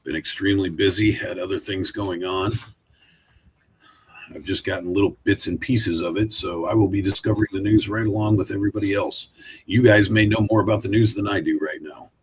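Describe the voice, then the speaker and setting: A man's voice: sits low, steady tone, fairly quick, slight background noise. A man hosting a casual live stream from home, rambling and chatty while he talks to his dog. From Oregon, USA. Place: home room, sitting in a wooden chair.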